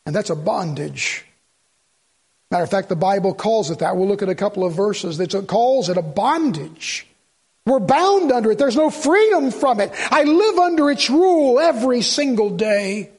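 A man's voice: high voice, expressive, normal speed, breathy edge. An older man preaching a funeral sermon, reading scripture aloud and repeating phrases fervently for emphasis. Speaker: pastor.

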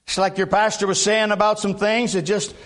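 A man's voice: sits high, little pitch movement, brisk, a bit bright. An older man from Alabama, preaching a sermon in a folksy way with repeated amens. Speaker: guest preacher.

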